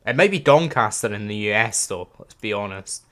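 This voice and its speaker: A man's voice: on the low side, lively intonation, normal speed, bright, forceful tone. A young man hosting a gaming channel, thinking aloud in casual, chatty gameplay commentary and joking at his own expense.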